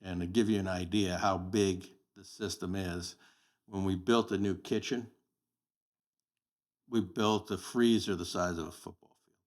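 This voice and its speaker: Blunt, anecdotal man in his sixties; low-set voice, relaxed interview storytelling. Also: a little slow, long pauses. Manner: plain-spoken, anecdotal, blunt. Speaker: podcast guest, sheriff candidate.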